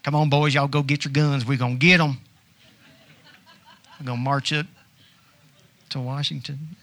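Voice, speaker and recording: A man's voice: mid-range voice, fairly even intonation, moderate pace, a bit bright, close to an everyday voice. A man voicing a rowdy male rebel with a Southern US accent, drawling as he rallies his boys to fight. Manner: drawling, rabble-rousing.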